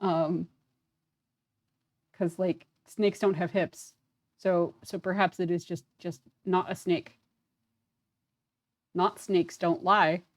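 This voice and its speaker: Young woman rambling through a let's play, bit low-pitched, lots of ums. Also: flat delivery, takes it slowly, long pauses. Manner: chatty, self-deprecating, lots of fillers. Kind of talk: casual gameplay commentary.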